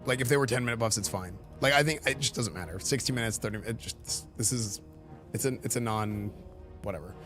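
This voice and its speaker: A male streamer giving excitable, rambling live commentary, full of fillers and repeated words. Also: medium pitch, quick pace, soft background music. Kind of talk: live-stream commentary reacting to game questions.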